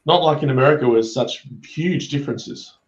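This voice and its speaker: A man's voice: medium pitch, brisk. Australian man on a roomy, dull call. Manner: easygoing, teasing, calls people dude. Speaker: participant in an online hangout. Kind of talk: casual chat. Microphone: video call.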